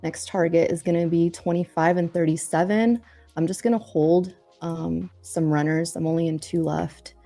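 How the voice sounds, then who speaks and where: Female trader, live market commentary, low gravelly voice, eggs the price on. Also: steady tone, normal speed, dark tone, dry recording, soft background music. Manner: calls price levels and targets, urges the market on. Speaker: trader on a live trading stream.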